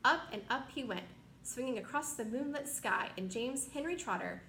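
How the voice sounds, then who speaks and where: A woman reading a children's novel aloud as narrator, with steady, expressive storytelling. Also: on the high side, normal speed, creaky. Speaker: reader. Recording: echoey room, faint noise.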